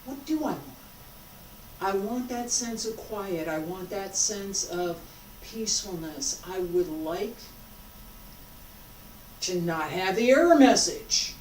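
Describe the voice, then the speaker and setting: A woman teaching a qigong class, guiding breath and movement with slow, coaxing, drawn-out phrases and long pauses. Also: mid-range voice, expressive, darkish tone, a little hiss or hum. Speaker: qigong instructor. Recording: roomy sound from a distant mic.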